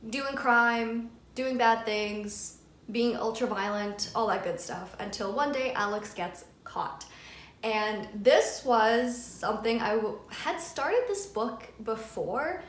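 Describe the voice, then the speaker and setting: A woman's voice: on the high side, reverberant. A woman book vlogger talking casually about what she has read, chatty and full of filler words. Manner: chatty, lots of "like" and "friggin'". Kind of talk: casual chat.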